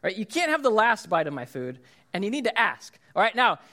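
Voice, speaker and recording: A man in his thirties, the lead pastor, preaching a sermon and telling a funny story in an animated way. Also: sits high, brisk. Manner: animated storyteller, shouts in acted-out quotes.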